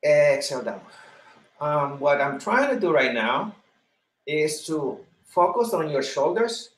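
A man's voice: on the high side, very animated, takes it slowly, roomy sound. A man leading a live online exercise class, counting repetitions, cueing breathing and encouraging students by name. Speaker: fitness instructor.

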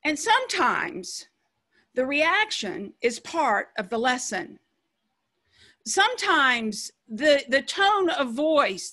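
Woman pastor, high voice, chatty animated sermon delivery. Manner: conversational and animated, musing aloud.

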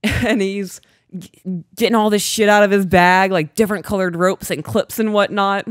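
Animated laughing woman telling a story. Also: medium pitch, moderate pace, no echo, clean studio sound. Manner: animated storyteller who swears and laughs often. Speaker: podcast co-host. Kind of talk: casual storytelling chat.

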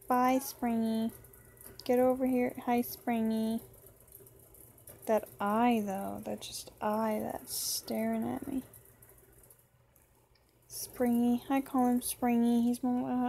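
High-voiced, slow-talking woman gamer. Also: level tone, vocal fry, mellow. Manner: playful, talks to the game character. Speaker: gaming channel host. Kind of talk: horror game commentary.

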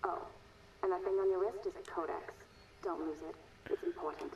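A woman's voice: medium pitch, a little fast, a little mellow, distant mic, dull audio, a little hiss or hum, close to an everyday voice. An actress playing a terse urgent woman. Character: urgent young woman giving warnings.

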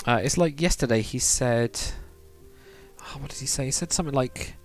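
A man chats loosely with his viewers while he builds in a game, rambling and breaking into laughs. His voice sits at an ordinary middle pitch, with faint music behind him. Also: moderate pace. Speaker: streamer. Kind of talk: casual livestream chat while building in a game.

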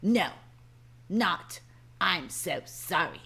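A woman's voice: fairly low pitch, measured pace, vocal fry, sharp tone, slightly rough, heavily acted. A woman voicing a stern adult male coffee shop boss who scolds and mocks a late worker. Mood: scolding. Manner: scolding, sarcastic.

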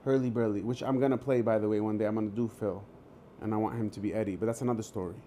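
A male actor telling a casual story on a video call, animated and loose, swearing freely and acting out what he said. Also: on the low side, very fast, a little hiss or hum. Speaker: actor, guest.

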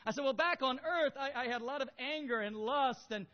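High-voiced man preaching in a reverberant hall. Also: fast talker, few pauses, dull audio. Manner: animated, swings from quiet storytelling to loud exhortation. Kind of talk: sermon.

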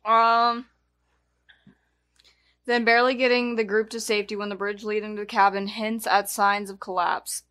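Woman podcast co-host, bright tone, casual plot read-through with stumbles. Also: mid-range voice, little pitch movement, moderate pace, long pauses. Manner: stumbles over words while reading. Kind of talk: casual chat, reading a plot summary.

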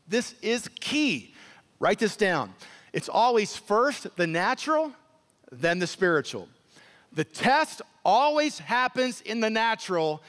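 Male pastor, high-pitched, emphatic preacher who repeats words and acts out voices, long hall reverb. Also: a bit bright. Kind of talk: sermon.

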